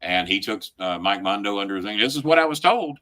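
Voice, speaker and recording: A man's voice: fairly low pitch, expressive, fast talker, pushed and bright. A man hosting a talk show, telling a story in a blunt, heated way and swearing constantly. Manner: relives the story with rising emphasis. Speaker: show host. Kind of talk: profane storytelling chat.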